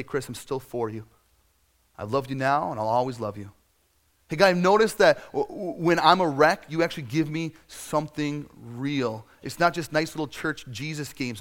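A man preaching a sermon in a conversational, storytelling way, acting out scenes and sometimes shouting for effect. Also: a little high. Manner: conversational and self-deprecating, with frequent fillers. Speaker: pastor.

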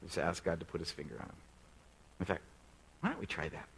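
A man's voice: sits low, fairly quick, vocal fry, a bit bright, slight background noise, poor audio. A male pastor preaching a sermon in a conversational way, often putting direct questions to the congregation.

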